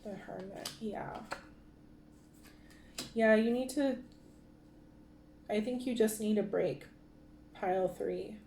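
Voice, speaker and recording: A woman's voice: medium pitch, takes it slowly, gravelly, pauses often, noisy background. Rambling woman reading tarot, echoey room. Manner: rambling, many fillers and restarts. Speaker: tarot reader.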